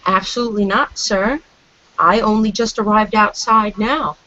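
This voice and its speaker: A woman's voice: mid-range voice, fairly even intonation, normal speed, bright, forceful tone, no echo. A woman speaking in character as a tabletop game player, defensive and playing innocent. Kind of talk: in-character tabletop role-play. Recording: dull dry lo-fi audio.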